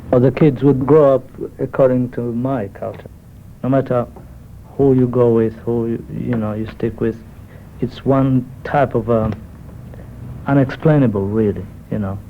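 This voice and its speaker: A man's voice: medium pitch, measured pace, phone-quality sound, a little hiss or hum. A man from Kenya telling casual anecdotes, full of "you know", on a thin 1970s radio recording. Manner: chatty, lots of "you know". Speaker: interviewee.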